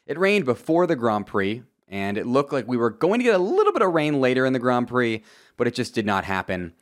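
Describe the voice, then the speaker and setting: A young man from Florida giving a casual, joking race recap with lively asides and sudden loud outbursts. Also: mid-range voice, a little fast. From Florida, USA. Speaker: motorsport commentator. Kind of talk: casual video commentary.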